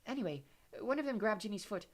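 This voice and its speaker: A dreamy teenage witch speaks softly and plainly, her voice lifted high, as a man reads her. Calm, unhurried audiobook storytelling. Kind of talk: audiobook reading.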